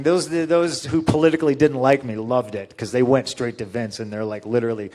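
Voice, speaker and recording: A man in his forties, a guest on a convention panel, telling a story in a casual, profane and animated way, often laughing. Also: medium pitch, a little fast.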